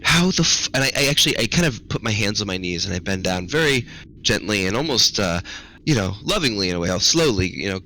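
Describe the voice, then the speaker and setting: A man's voice: on the low side, animated, fast, pushed and bright, slight background noise, low-quality recording. A man playing a tabletop game, playful and dramatic as he describes his character's actions. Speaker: player. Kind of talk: casual tabletop play.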